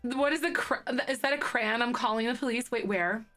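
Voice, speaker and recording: A woman in her thirties chats casually with her live-stream audience, giggly and talkative, laughing often between thoughts. Her voice sits high and bright, and faint music runs underneath. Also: fairly quick. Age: 30s.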